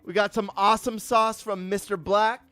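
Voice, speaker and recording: A man hosting a live stream, chatting casually and greeting viewers with excited energy. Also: high voice, moderate pace, clear, resonant tone, no echo, soft background music.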